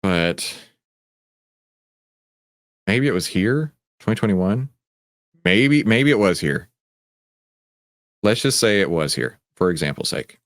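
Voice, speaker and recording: A man with a fairly low voice answers viewer questions on a live trading stream, rambling and poking fun at himself. His pitch swings widely as he gets animated, and the sound is dry and close with almost no room. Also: slow, long pauses, no echo. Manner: animated, rambling, self-mocking. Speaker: trading coach and stream host.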